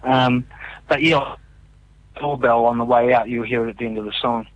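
A man's voice: medium pitch, fairly even intonation, normal speed, no echo, low-quality recording. Chatty New man telling stories. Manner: chatty, laughing storyteller. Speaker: musician guest. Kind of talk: casual chat.

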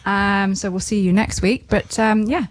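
A woman's voice: medium pitch, moderate pace. A woman hosting a casual radio business show in the studio, bubbly and laughing, with lots of ums.

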